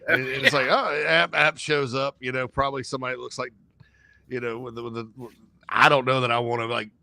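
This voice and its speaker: A man co-hosting a casual sports talk show, rambling and joking with sudden jumps in pitch. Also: little pitch movement, brisk, vocal fry, bright, forceful tone, no room sound.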